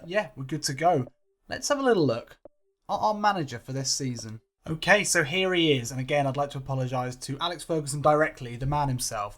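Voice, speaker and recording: A man's voice: medium pitch, a bit bright. A man hosting a gaming channel, talking in casual, rambling, self-mocking commentary. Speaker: game channel host.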